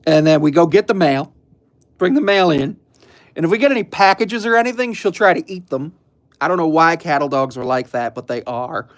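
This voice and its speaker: A young man chatting casually on a live stream, rambling and laid-back, with frequent ums and soft chuckles. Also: fairly high pitch, animated, brisk.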